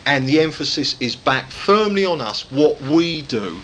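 A man delivers a sermon in a high, animated voice that rises and falls widely. He hammers his points home with repetition and rhetorical questions, over a faint hiss of background noise. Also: unhurried, few pauses, poor audio. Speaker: preacher.

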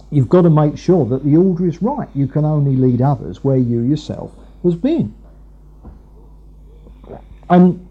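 Man preaching, husky and very dark-toned, slightly high voice, dull lo-fi recording, rambling. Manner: rambling, many fillers and restarts. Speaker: preacher, Bible teacher. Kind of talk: conversational sermon.

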